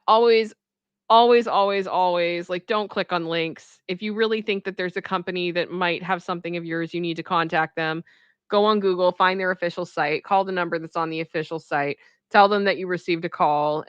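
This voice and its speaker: A woman hosting casual reaction commentary, chatty and expressive and quick to laugh. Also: on the low side, no echo, dull audio. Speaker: pop culture reaction host.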